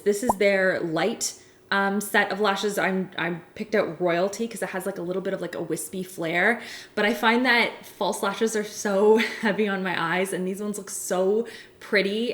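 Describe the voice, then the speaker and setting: Woman, 30s, beauty vlogger, casual and upbeat, quick laughs, roomy home sound. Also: mid-range voice. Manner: chatty, enthusiastic, laughs often. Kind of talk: casual product review.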